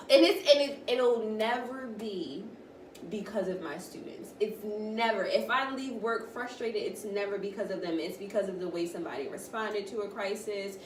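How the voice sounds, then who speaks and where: A woman co-hosting a casual podcast chat, telling stories in an animated way and often laughing. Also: medium pitch, normal speed. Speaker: podcast co-host. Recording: roomy, distant mic, faint noise.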